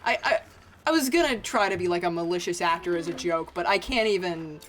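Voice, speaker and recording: Brisk and fairly low-voiced, an American woman offers casual commentary while streaming a video game. Her chatty, foul-mouthed, self-mocking humor comes with frequent laughs, and the recording carries a little hiss or hum.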